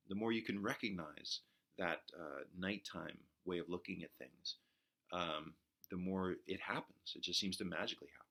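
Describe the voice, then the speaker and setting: A man gives a reflective lecture on poetry to his class. His voice sits deep yet carries a bright, forceful edge. He pauses often and fills gaps with soft hesitations as he thinks aloud. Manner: reflective, halting with frequent fillers. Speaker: literature teacher.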